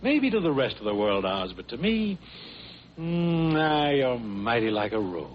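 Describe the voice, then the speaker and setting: A man's voice: medium pitch, big pitch swings, a little slow, noisy background. An actor playing a wisecracking male neighbor who teases his friend, in 1950s radio sitcom style. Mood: teasing. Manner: teasing, joking. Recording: muffled old radio broadcast.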